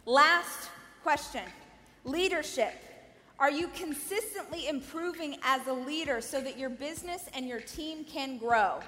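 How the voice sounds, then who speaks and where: High-pitched lady giving a keynote in a big echoey hall, lively, keeps asking the crowd stuff. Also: unhurried. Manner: lively, coaching the audience with direct questions. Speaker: keynote speaker. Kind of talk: energetic conference keynote. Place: large conference hall. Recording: reverberant hall.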